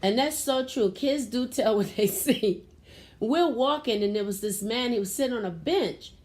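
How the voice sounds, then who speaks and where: A woman co-hosting a casual podcast, retelling a story excitedly and laughing often. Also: a little high, normal speed. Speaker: co-host.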